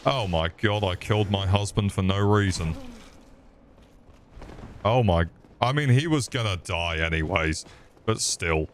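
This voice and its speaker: A man's voice: deep voice, measured pace, pauses often, slight background noise. A young man streaming a game, with crude jokes and chatter aimed at his chat. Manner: crude joking banter with chat. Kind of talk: casual gameplay commentary. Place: home room. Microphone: desk microphone.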